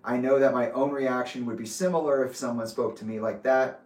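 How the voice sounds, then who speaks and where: Man, mid-pitched, reads out his own letter slowly and deliberately; distant mic in a reverberant room. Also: steady tone, darkish tone. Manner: measured, deliberate and methodical. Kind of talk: reading his own letter aloud with asides. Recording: roomy echo, distant from mic.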